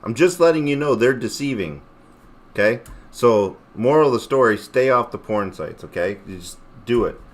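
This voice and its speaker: A man's voice: mid-range voice, lively intonation, moderate pace. A man hosting a casual livestream, rambling and joking and swearing a lot as he talks to his chat. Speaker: livestream host.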